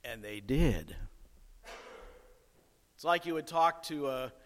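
A man's voice: medium pitch, animated, slow pace, long reverb tail. A man preaching a sermon as pastor, conversational and emphatic, with chuckles along the way.

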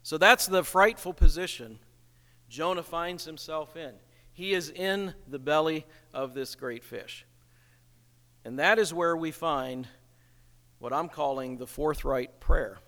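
Slow, emphatic preacher in a reverberant hall. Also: male voice, on the high side, bright, forceful tone. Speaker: pastor. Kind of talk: sermon.

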